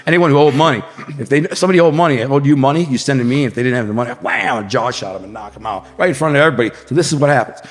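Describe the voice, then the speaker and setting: A man's voice: medium pitch, very fast, long reverb tail. A man from Detroit, a podcast guest, telling blunt, profane street stories in a casual interview and acting out what people said. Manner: blunt, profane street storyteller who acts out quotes.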